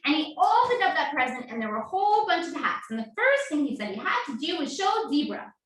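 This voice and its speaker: A woman's voice: high-pitched, very animated, a little fast, a bit bright. A woman leading a children's story time, reading a picture book, singing and coaxing young kids to join in. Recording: echoey room, distant mic.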